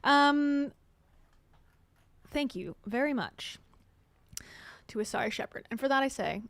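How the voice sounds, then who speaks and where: A woman's voice: sits high, animated, a little slow, dry recording. A woman hosting casual reaction commentary, sarcastic and chatty, often laughing as she talks. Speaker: commentary channel host.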